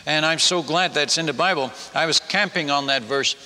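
Older guy missionary preaching, pretty high voice, does all the voices, long echo from the hall. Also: normal speed, noisy background. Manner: animated, acts out quoted villagers. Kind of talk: sermon illustration storytelling. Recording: reverberant hall.

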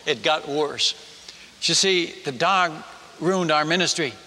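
A man spins a folksy, animated missionary yarn for a church crowd. His voice is bright and piercing, pitched slightly high, and it rings out with the long echo of a large hall. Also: slow. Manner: folksy, animated storyteller, chuckles at his own tales. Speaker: missionary speaker. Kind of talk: humorous story told to a congregation.

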